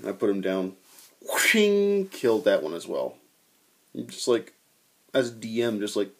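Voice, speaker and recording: A young man telling a tabletop game story in a casual, animated way, swearing and acting out quotes. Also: lowish voice, normal speed, pauses often.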